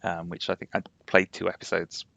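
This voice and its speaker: A man's voice: low voice, monotone, brisk, gravelly, fairly bright tone, no echo. A young man with a slightly posh Yorkshire accent, chatting rambly on a game live stream and laughing often. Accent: Yorkshire, somewhat posh. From England, Yorkshire. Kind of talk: casual live-stream chat.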